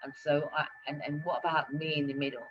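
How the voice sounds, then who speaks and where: A woman hosting a live talk stream, talking casually and turning loud and animated when she presses a point. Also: sits low, fairly quick, lo-fi sound, noisy background. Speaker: host of a live talk show.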